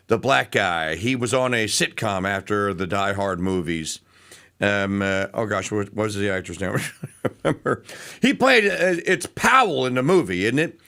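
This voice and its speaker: Gravelly, bright-toned male talk radio host, opinionated and animated. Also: fairly low pitch. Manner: animated, mocking, breaks into voices.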